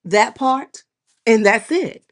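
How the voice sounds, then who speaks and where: A woman with a Baltimore accent hosting a radio show, talking in a quick, animated way and laughing often. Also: on the high side. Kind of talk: casual radio interview.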